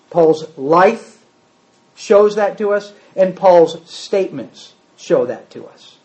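A man's voice: high-pitched, animated, slow pace, darkish tone, reverberant. A man preaching a sermon emphatically, putting rhetorical questions to the congregation. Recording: dull lo-fi sermon recording.

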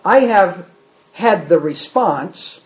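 A man's voice: high voice, animated, slow pace, darkish tone, roomy sound. A man preaching a sermon emphatically, putting rhetorical questions to the congregation. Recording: dull lo-fi sermon recording.

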